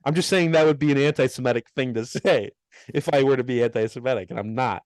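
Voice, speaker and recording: A man's voice: medium pitch, fast talker, darkish tone, no room sound. Rambling young man, dry close sound. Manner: rambling, laughing, self-deprecating storytelling. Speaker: podcast co-host. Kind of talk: casual chat.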